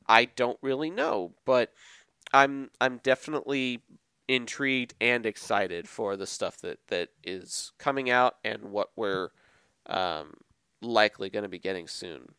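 Podcast co-host, male, smooth resonant voice, measured and thoughtful, dry. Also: on the low side, bright, forceful tone, no room sound. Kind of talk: casual chat.

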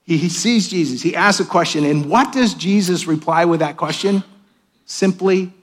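A male pastor delivering a sermon in a church sanctuary, his voice sitting a little above the usual male range. He preaches with animation, rising for emphatic questions and dropping to quiet, intimate asides. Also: sits high, moderate pace. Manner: animated preaching, swings between raised emphatic lines and hushed asides.

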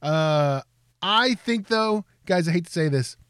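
A man's voice: sits high, lively intonation, unhurried, a bit bright, clear, resonant tone, dry recording. Upbeat man hosting a sports chat. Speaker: podcast host.

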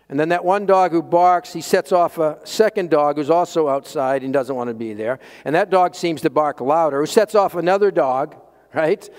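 A man preaching a sermon as pastor, emphatic, swinging between loud peaks and quiet low lines. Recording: long hall reverb.

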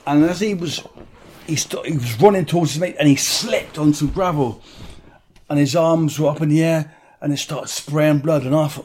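A man's voice: on the high side, normal speed, darkish tone, breathy edge. A man telling a vivid personal story in an interview, blunt and swearing freely.

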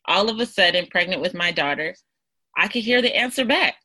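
A woman in her thirties hosts a casual interview, eager and thinking aloud as she stumbles over a few words. Her voice sits fairly low, with a bright, forceful edge. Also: lively intonation, fairly quick. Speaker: podcast host.

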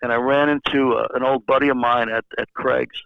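A man's voice: medium pitch, fairly even intonation, brisk, vocal fry, clean tone, no room sound. An older man, a former baseball executive, telling long anecdotes in a rambling way with many fillers and restarts. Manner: rambling storyteller who repeats words and uses many fillers. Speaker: interview guest, former baseball general manager. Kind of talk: casual anecdotal storytelling. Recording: slightly dull lo-fi sound.

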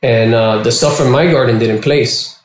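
Podcast guest, male, mid-pitched, casual and excitable storyteller with a lot of swearing, recorded in a reverberant room. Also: moderate pace. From Florida. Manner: animated, swearing, acts out quoted voices. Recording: echoey room.

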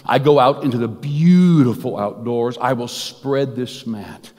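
A man's voice: medium pitch, measured pace, darkish tone, lightly acted. A man quoting a friendly young woman shop clerk in his own plain voice during a sermon. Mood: earnest. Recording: long reverb of a large hall.

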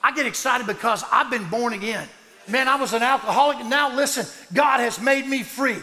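A man, a pastor preaching a sermon in loud excited bursts that drop low and soft. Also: a little fast. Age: 60s. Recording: long hall reverb.

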